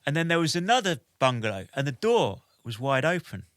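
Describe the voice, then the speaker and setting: A man in his forties, a podcast guest telling a lively anecdote in an animated way, with lots of "like" and "basically". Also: on the high side, fairly quick, dry recording, clean studio sound. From United Kingdom. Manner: animated, with many "like" and "basically" fillers. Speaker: podcast guest, military veteran.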